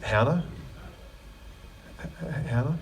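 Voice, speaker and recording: Leading a guitar clinic in a music store, a man answers questions and tells stories in a chatty, joking way. His medium-pitched voice is creaky and husky, slow-paced, and picked up from far from the mic.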